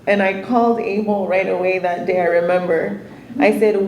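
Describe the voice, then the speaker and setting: A woman's voice: mid-range voice, fairly even intonation, moderate pace, a little mellow, echoey room, low-quality recording. A mother at a memorial gathering, retelling a text exchange with nervous laughter. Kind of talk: informal memorial tribute.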